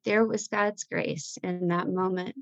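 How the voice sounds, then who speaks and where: A woman's voice: on the low side, steady tone, slow, no echo, rough recording. A middle-aged woman telling a heartfelt faith story as a guest, breaking into laughter. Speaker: guest author. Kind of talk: emotional faith conversation.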